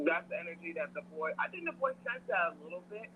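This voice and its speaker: A woman's voice: fairly low pitch, expressive, fast talker. A woman speaks over a tinny, phone-like line with faint background noise. She is hesitant and restarts her sentences as she talks through the book. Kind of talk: casual book discussion.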